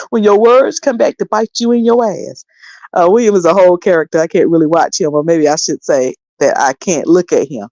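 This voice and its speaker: A woman's voice: lowish voice, normal speed, darkish tone, dry recording. A woman hosting a casual livestream, sassy and laughing as she mocks someone. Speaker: livestream host. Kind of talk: casual commentary.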